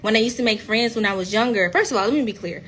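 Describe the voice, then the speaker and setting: A woman's voice: fairly high pitch, fast, slight background noise. A woman in her thirties talking casually and bluntly on a phone live stream, swearing freely and acting out quoted speech. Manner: acts out quoted speech in lively voices. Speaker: reality TV cast member.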